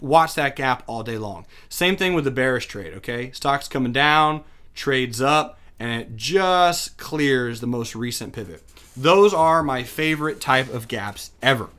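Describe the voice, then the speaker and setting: A man's voice: mid-range voice, fairly bright tone. Chatty man teaching off a chart. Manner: casual, chatty, thinking aloud with fillers and self-corrections. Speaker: day trading teacher. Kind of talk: screen-share chart lesson.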